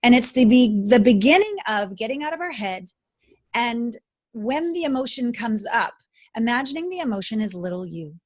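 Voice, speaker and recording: A woman's voice: a little high, expressive, normal speed. A middle-aged woman talking as a guest coach in a casual interview, emphatic and dramatic.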